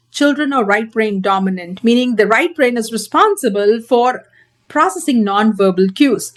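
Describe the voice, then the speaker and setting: A parenting coach with a slightly high voice teaches straight to camera, earnest and emphatic, repeating her key points.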